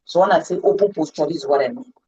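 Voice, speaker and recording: A woman's voice: deep voice, racing, dark tone, highs cut off. A woman coaching public speaking in a live online lesson, stressing and repeating her key words. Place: indoors, seated.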